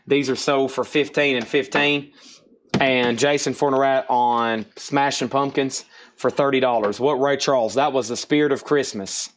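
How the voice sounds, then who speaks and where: This is a man hosting a live-streamed vinyl sale, with a voice at an ordinary middle pitch. He talks in casual auction patter, briskly running through album titles, starting bids and buyers' names. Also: fairly even intonation, a little hiss or hum. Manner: rattles off titles and prices briskly.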